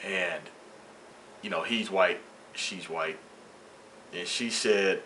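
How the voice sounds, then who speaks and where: A man's voice: on the low side, slow, a little hiss or hum. A man vlogging, casually retelling a workplace story with slang and swearing and acting out the dialogue. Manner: animated, slangy, profane retelling with quoted dialogue.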